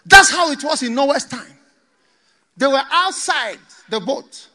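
A man's voice: very high voice, very animated, slow pace, pushed and bright. A man preaching a sermon, telling a story dramatically with joking asides.

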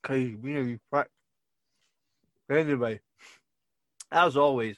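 A man's voice: mid-range voice, measured pace, fairly bright tone, no room sound. A man with a Scottish accent co-hosting a podcast, chatting casually, laughing often and swearing freely. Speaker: podcast co-host. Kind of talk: casual chat.

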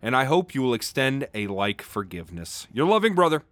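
A man reading aloud as a spiteful condemned murderer, shouting threats at a quick, rising clip. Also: mid-range voice, sing-song, no echo. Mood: mock sincere. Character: spiteful condemned male murderer, taunting, unhinged.

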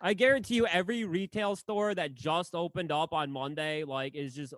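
Sardonic high-voiced man cracking jokes. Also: moderate pace, dry recording. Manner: sardonic, deadpan jokes, profane. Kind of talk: casual chat.

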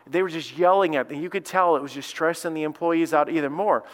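Man, pastor preaching, folksy storyteller, slightly high voice, echoing hall. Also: fairly quick. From Alabama. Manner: folksy storytelling, voice rising when excited. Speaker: lead pastor. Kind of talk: sermon. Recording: long hall reverb.

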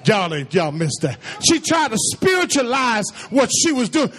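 A pastor preaching a sermon in a lively, conversational way, with playful asides and quoted voices acted out. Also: male voice, normal speed, few pauses. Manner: acts out quoted voices in a high pitch.

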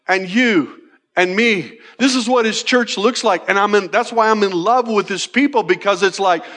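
High-voiced older man preaching casually. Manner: conversational, repeats "right?" often; animated, playful with wordplay. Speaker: pastor. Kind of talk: sermon.

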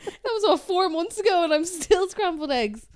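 An Irish woman co-hosting a podcast tells a story in casual chat, chatty and sweary and laughing often. Her very high-pitched voice is expressive and moves at a moderate pace.

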